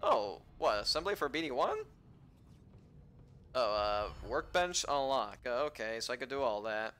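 A man narrating his own gameplay in a loose, rambling way, full of self-talk and half-finished sentences. His pitch leaps around a lot, and his tone is bright and forceful. He breaks into excited, swearing outbursts now and then. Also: unhurried. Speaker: video game let's-play commentator. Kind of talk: casual gameplay commentary.

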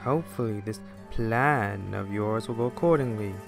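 A man's voice: fairly low pitch, normal speed, creaky, over music. A man doing an impatient, doubtful engine.

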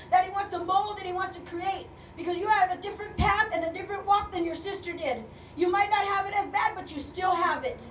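A woman's voice: very high voice, fairly bright tone, far from the mic, a little hiss or hum. A woman pastor preaching a sermon with passion, her voice at times breaking with emotion. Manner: impassioned, rising to fervent calls, voice breaking with emotion. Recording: echoey room, speaker away from mic, faint ambience.

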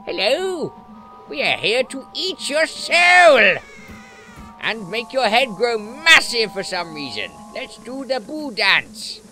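A man voicing a group of mocking, spooky little cartoon ghosts, drawn-out and sinister. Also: very high voice, very animated, sharp tone, faint music behind, pitched above the performer's own voice, exaggerated voice.

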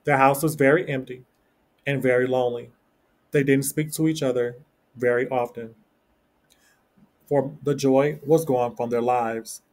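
A man's voice: medium pitch, fairly even intonation, unhurried, pauses often, a little mellow. Man reading a story aloud. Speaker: story reader. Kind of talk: read-aloud story narration.

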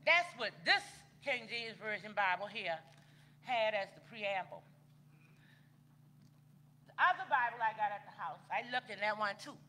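A woman's voice: mid-range voice, expressive, unhurried, long pauses, sharp tone. A woman minister, preaching a sermon in a folksy, conversational way and talking straight to the congregation.

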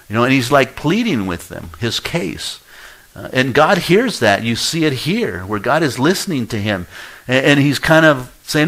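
A man's voice: sing-song, normal speed, fairly bright tone, rough recording. A man preaching an expository sermon as a pastor, conversational with restarts, rising into pleading when he acts out prayers. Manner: pleading, rises in pitch and volume when acting out prayers.

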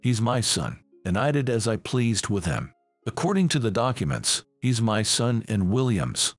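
A man's voice: fairly low pitch, very animated, normal speed, soft background music. A man voicing a drunk, brazen woman who taunts and tries to extort a family, reading her lines with an impudent, mocking manner. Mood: taunting.

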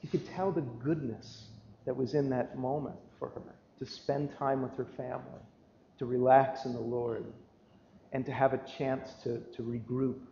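A man's voice: medium pitch, fairly even intonation, moderate pace, dark tone, a little hiss or hum. A man preaching a sermon as pastor, telling a story in a conversational way, full of restarts. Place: church sanctuary. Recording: echoey church livestream, dull lo-fi sound.

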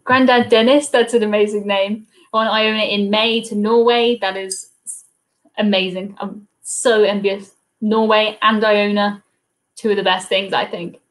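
A woman's voice: medium pitch, fairly even intonation, measured pace. A young woman with a Southern English accent hosting a casual live cruise Q&A stream from her home desk, chatting and answering viewers. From south coast of England. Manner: chatty, reads viewer comments aloud, coos at her dog.

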